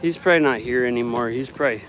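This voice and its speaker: A man vlogging outdoors by a lake shore and on a boat, excitable and swearing freely. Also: mid-range voice, racing, rough recording. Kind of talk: casual outdoor vlog chat. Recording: wind noise on the mic outdoors.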